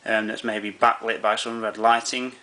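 This camera tutorial features a man with a fairly low, level, sharp-toned voice speaking at normal speed. He goes through the menu settings one step at a time in a laid-back manner, often using fillers and starting over.

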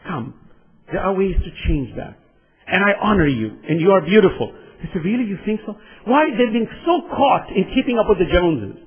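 A man's voice: sits high, big pitch swings, moderate pace, husky. A man preaching a sermon, impassioned and repetitive, speaking directly to his congregation in a large hall. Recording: dull lo-fi sound with long hall reverb.

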